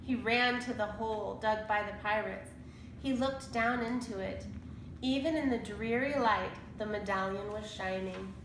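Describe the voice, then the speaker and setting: A woman reading a children's chapter book aloud in a slow, deliberate storytelling manner. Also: mid-range voice, roomy sound, noisy background. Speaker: storybook reader.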